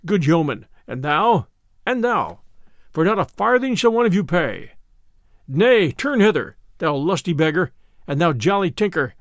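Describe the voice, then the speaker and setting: A man voicing a big, boastful young yeoman who is slow to anger, speaking in hearty, old-fashioned words. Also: high-pitched, fairly bright tone, no echo, clean studio sound.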